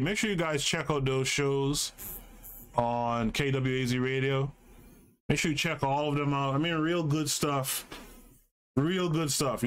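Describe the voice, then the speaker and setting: A man's voice: on the high side, fairly bright tone, clear, resonant tone. A man hosting a livestream podcast, reading passages aloud and commenting on them in a conversational way, often checking in with "right?". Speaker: podcast host.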